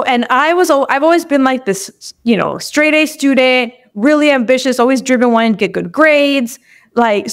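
A young woman telling a personal story as a podcast guest, candid and emotional, with many "like"s. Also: fairly high pitch. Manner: emotional, tearful at moments, lots of "like".

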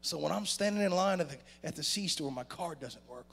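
A man delivers a sermon in a church with a gravelly edge to his voice. His pitch swings widely, climbing for emphasis and falling low for quieter points. His voice sits a touch higher than most men's. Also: brisk. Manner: animated preaching with sudden loud rises and quiet drops. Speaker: pastor. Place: church sanctuary.

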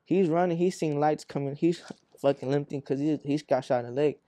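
A young man from Arizona tells a story in a loose, rambling way, full of swearing and acted-out quotes. His voice sits a little high but has a mellow, dark tone. The sound is close and dry. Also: fairly quick, no room sound. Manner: rambling, profane, acts out quotes. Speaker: rapper guest. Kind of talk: casual interview storytelling.

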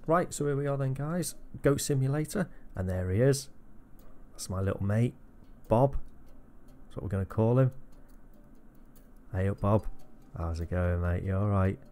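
A man giving crude, jokey let's-play commentary, swearing a lot and breaking into squeaky high outbursts. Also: animated, moderate pace, pauses often, a little mellow. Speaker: gamer.

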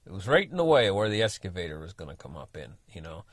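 A man's voice: deep voice, big pitch swings, quick pace, dry recording, studio quality. Folksy older man telling a story. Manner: folksy, rambling, full of "you know" and restarts. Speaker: storyteller, channel host. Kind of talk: casual spoken storytelling.

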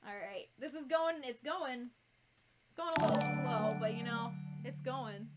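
A woman with a Northern US accent chatting casually on a live stream while she builds a fursuit, bubbly and quick to giggle as she talks to her viewers. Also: on the high side, faint music behind. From United States.

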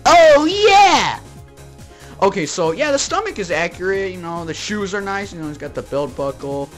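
Jokey rambling toy reviewer from texas, bright voice, bouncy pitch. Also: expressive, brisk, faint music behind. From Texas, United States. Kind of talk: comedic review with plush skits.

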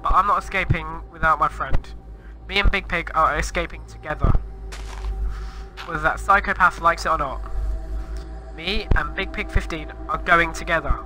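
A man's voice: on the high side, normal speed, long pauses, over music, low-quality recording. A man commenting on Minecraft gameplay in a flustered, exclaiming and rambling way. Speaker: gamer.

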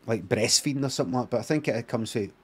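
A man's voice: mid-range voice, rapid-fire, background noise. A man with a Scottish accent chatting, muttering and swearing through his live-stream commentary.

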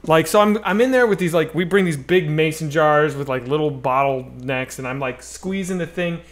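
Man, podcast co-host, higher-pitched, profane ranting storyteller. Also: normal speed. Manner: ranting, profane, heavy use of "like". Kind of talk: casual storytelling chat.

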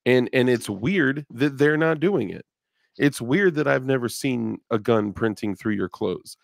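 A man's voice: mid-range voice, moderate pace, creaky, dry recording, clean studio sound. A male podcast host in casual chat, rambling and joking about himself. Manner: rambling, self-deprecating, joking.

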